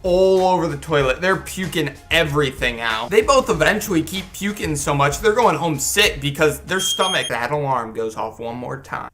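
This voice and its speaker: A young man telling a school story to his viewers in a chatty, animated way. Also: fairly high pitch, moderate pace, few pauses, music in the background. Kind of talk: casual storytime vlog.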